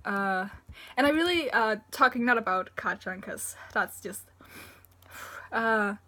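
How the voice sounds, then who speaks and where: A woman's voice: on the high side, lively intonation, slow pace, pushed and bright. Tearful woman gushing in a review. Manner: rambling and gushing, full of fillers and swearing. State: tearful, voice choked with emotion. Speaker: manga reviewer. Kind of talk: casual spoken review.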